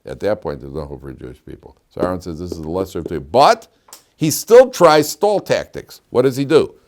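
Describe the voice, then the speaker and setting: A middle-aged rabbi giving a lively classroom lecture, telling stories and quizzing his students. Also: brisk. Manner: animated storyteller, swings between loud emphatic peaks and low asides, quizzes students.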